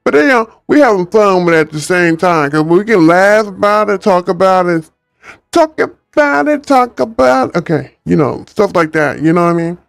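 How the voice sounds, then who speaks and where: A man's voice: high voice, a little fast, vocal fry, hardly any pauses, smooth, no room sound. A man chatting and reading a book aloud on a livestream, laid-back and ad-libbing. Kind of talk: casual livestream story reading.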